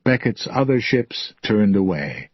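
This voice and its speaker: Slow husky guy reading a story for english learners, dry muffled recording. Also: lowish voice, sing-song, no room sound. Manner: clear, deliberate. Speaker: narrator. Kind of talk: slow graded-reader story narration.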